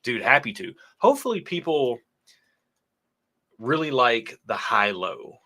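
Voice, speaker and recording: A man's voice: mid-range voice, big pitch swings, a little slow, pushed and bright. A man co-hosting a whiskey livestream, chatting casually, joking and reading out viewer donations. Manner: laid-back, joking, chatty. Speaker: whiskey channel co-host.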